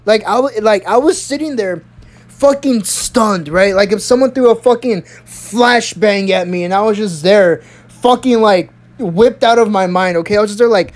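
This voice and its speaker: A young adult in their early twenties telling a storytime tale with a lot of swearing and tangents. The delivery is animated and rambling at a middle pitch. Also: moderate pace. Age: early 20s. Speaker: vlogger. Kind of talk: storytime vlog.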